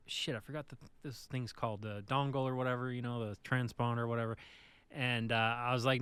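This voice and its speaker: Podcast co-host: man with a bright, crisp voice, dry close sound, lively storyteller. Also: mid-range voice, fairly quick, no echo. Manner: animated anecdote teller, acts out the people in his stories. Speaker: podcast co-host, bus driver. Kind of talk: casual storytelling chat.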